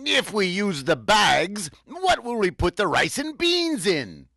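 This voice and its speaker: A man's voice: high-pitched, huge pitch swings, slow pace, gravelly, bright, forceful tone, no room sound. A man playing a grumpy pirate in a comedy skit, growling his lines.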